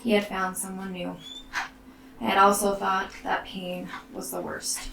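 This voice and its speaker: Woman, personal storyteller; slow, soft, halting delivery with gravel in it; roomy, distant recording. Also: medium pitch, level tone. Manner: slow, soft and halting, often near a whisper. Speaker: mother telling her own story. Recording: roomy, distant mic, faint background noise.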